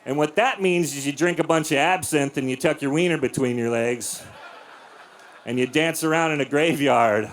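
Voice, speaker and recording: Forties male stand-up, deadpan and crude, live club set, mid-high voice, does silly voices. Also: moderate pace, a little hiss or hum. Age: 40s. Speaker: stand-up comedian. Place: comedy club with a live audience.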